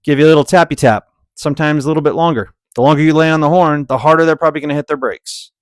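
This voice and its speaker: A man's voice: fairly high pitch, racing, dry recording. A young adult man commentating on dashcam driving clips in a casual, exasperated and sarcastic way. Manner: exasperated, sarcastic, animated when ranting.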